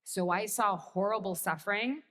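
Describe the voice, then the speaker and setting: A woman's voice: medium pitch, moderate pace, sharp tone. American woman pastor, sermon with wry self-mocking humor, long church-hall reverb.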